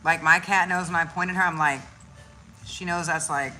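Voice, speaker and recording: Faint music plays behind a woman whose voice is on the low side and whose speed is normal. She's a spiritual content creator chatting loosely about spirituality, with plenty of slang and swearing, and she does animated little voices in her stories.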